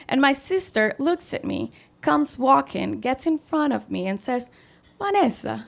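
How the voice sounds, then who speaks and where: A woman's voice: high voice, a little slow, creaky. A young woman, telling a true story on a stage with wry humor and acted-out voices. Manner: animated, wry and self-mocking, acting out the voices. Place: theatre stage.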